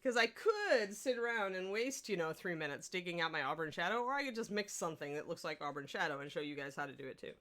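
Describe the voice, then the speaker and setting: A woman's voice: lowish voice, lively intonation, fast talker, few pauses, fairly bright tone. A woman hosting a casual livestream painting tutorial, chatting with viewers and her pet between tips. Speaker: miniature painting instructor and stream host.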